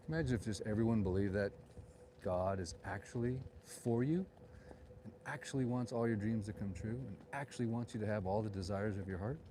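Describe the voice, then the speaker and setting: A realtor walks through town streets on a live vlog tour shot on a handheld phone, chatting and cracking jokes in opinionated asides. His voice is lowish and warm, with a little hiss or hum in the recording.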